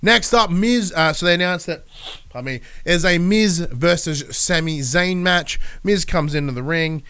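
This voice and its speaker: A man hosts a podcast solo while sick and stuffed up, rambling and cursing through a casual recap of the week and acting out wrestlers' lines. His voice sits on the high side and is clear, resonant, and fairly bright, delivered a little slowly.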